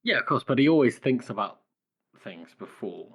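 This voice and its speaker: Lively-pitched man discussing a book. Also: moderate pace, husky. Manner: enthusiastic, with voice jumping up for quoted lines. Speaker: podcast co-host. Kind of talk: casual book-discussion chat.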